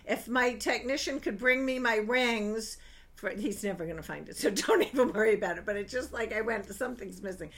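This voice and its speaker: An older woman giving chatty, gossipy film reviews to camera, animated and prone to exclaiming. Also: a little fast. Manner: animated, gossipy, swings into high exclaiming bursts.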